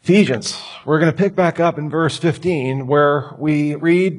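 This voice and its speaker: A man's voice: on the high side, steady tone, moderate pace, few pauses, a little mellow. A man preaching a sermon as pastor, emphatic and conversational, asking the listeners rhetorical questions. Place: church sanctuary.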